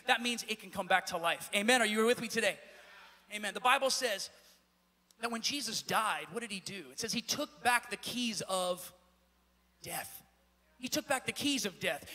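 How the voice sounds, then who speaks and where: High bright-voiced man preaching in a hall. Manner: repetitive preaching cadence, rising to shouts. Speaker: pastor. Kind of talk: sermon. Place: church sanctuary. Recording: echoey church hall.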